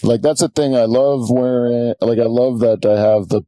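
A man's voice: mid-range voice, fairly even intonation, moderate pace, mellow, no room sound, low-quality recording. A middle-aged man hosting a podcast, chatting casually with self-mocking jokes. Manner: joking, self-mocking banter. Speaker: podcast host. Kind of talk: casual chat.

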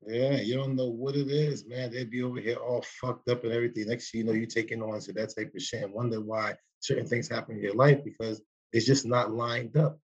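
The husky, mid-range voice belongs to a podcast co-host in his forties who talks a little fast with fairly even intonation. A broken mic left him recording on a poor substitute with the highs cut off, and his casual chat is loose, preachy and rambling, full of street talk.

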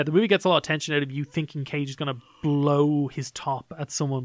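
A man's voice: a little high, dry recording, studio quality. A man talking as a podcast film critic in a casual review discussion, enthusiastic and analytical, with many "like" and "um" fillers.

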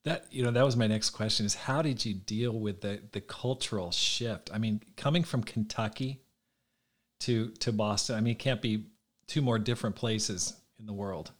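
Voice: mid-range voice, moderate pace. An interviewer asking questions in a conversational interview, attentive and affirming, often restarting phrases.

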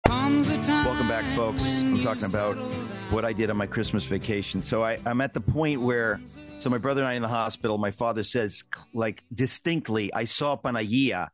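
A man hosting a talk show, telling a personal story in an earnest, emphatic way with many halting restarts. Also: fairly low pitch, expressive, soft background music. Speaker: host.

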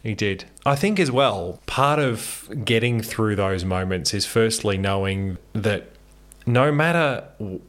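A man in casual podcast conversation, his voice sitting on the low side. He talks with wry, self-deprecating humour. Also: animated, slow pace, fairly bright tone. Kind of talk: casual chat.

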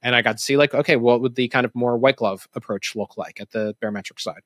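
A man's voice: mid-range voice, quick pace, a bit bright, no room sound. A man talking as a podcast guest in casual interview style, rambling with many fillers and restarts. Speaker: podcast guest, former CEO.

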